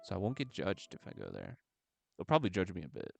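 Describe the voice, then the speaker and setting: An American man with a low, creaky voice talks quickly, his pitch swooping wildly. He's chatting casually at home while livestreaming a game, joking around and fumbling as he reads aloud. Music plays faintly in the background.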